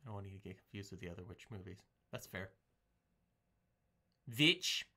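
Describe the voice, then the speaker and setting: A man's voice: low-pitched, steady tone, racing. A man co-hosting a casual film podcast, joking in crude banter and laughing often. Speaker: podcast co-host.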